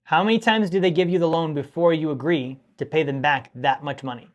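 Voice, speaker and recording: Male host, slightly high voice, lecturing viewers on money, emphatic and scolding. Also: steady tone, a little fast, dull audio. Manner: emphatic, scolding, repeats points for stress. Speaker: finance show host. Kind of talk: direct-to-camera teaching monologue.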